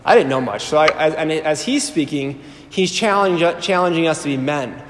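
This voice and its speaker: A priest in his thirties telling his personal testimony to a live audience. He tells it with animated storytelling and acts out the voices he quotes. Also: a little high, normal speed, noisy background. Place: large hall before an audience. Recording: echoey hall with long reverb.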